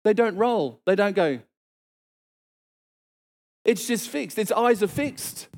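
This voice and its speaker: A middle-aged man preaching, telling a story and acting out the dialogue with sudden exclaimed lines. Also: slow pace. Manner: animated, acts out dialogue with sudden high exclamations. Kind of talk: storytelling sermon.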